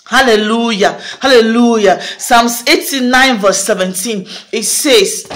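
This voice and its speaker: Fervent woman preacher with a high voice. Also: measured pace, a little hiss or hum. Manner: fervent, repetitive, declaring phrases again and again; rising to a fervent high pitch at climaxes. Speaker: prophetic minister. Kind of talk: prophetic declaration to a video audience.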